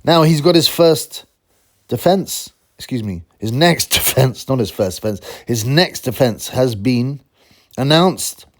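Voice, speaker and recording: Guy ranting casually on his boxing channel, mid pitch, restarts and tangents, mocks people in silly voices. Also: animated, a little slow. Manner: rambling, exasperated, mocks critics in put-on voices. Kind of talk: casual solo commentary.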